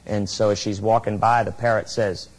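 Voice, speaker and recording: A man's voice: fairly low pitch, flat delivery, moderate pace, poor audio. A man giving a motivational speech with a handheld microphone, emphatic and repeating key lines for effect. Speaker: motivational speaker.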